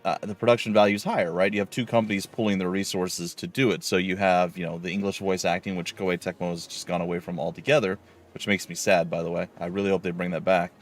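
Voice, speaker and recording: A man's voice: sits low, level tone, fast talker. A man streaming a game live, chatting casually and rambling with many fillers as he plays. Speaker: let's play streamer.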